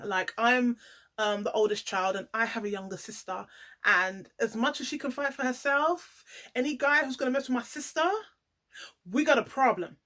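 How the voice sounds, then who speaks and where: A woman giving a casual, animated vlog commentary, playing up the drama and talking straight to her viewers. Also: a little high. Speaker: YouTuber reviewing a reality show.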